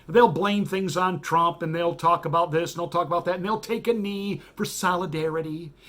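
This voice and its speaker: A man's voice: fairly high pitch, a bit bright. A man, a pastor hosting a radio show, giving a blunt, sarcastic political monologue with emphatic repetition.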